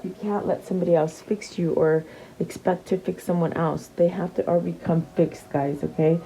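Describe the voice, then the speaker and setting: Soft-spoken woman reading tarot cards. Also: fairly low pitch, steady tone, normal speed, slight background noise, rough recording. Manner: chatty, repeats questions to the cards softly, many fillers and restarts. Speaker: tarot reader. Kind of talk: casual tarot reading to camera.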